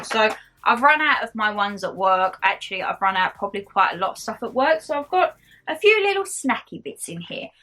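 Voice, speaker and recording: A woman's voice: on the high side, sharp tone. A young woman with a mixed Essex and Geordie accent, chatting casually to camera about her shopping haul in a bubbly, rambling way. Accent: mixed Essex and Geordie English. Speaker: haul vlogger.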